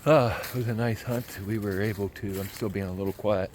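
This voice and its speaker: Rambling low-voiced hunter outdoors. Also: male voice, steady tone, a little mellow, slight background noise. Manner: rambling, repeats phrases, many "uh" pauses. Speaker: deer hunting channel host. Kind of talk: casual outdoor vlog talk. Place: outdoors in the woods.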